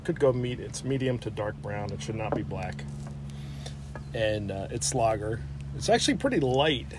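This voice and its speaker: A man's voice: lowish voice, lively intonation, normal speed, background noise. Joking New man talking beer. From New Jersey. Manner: joking, explains beer styles at length. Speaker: beer vlog co-host. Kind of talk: casual beer tasting chat.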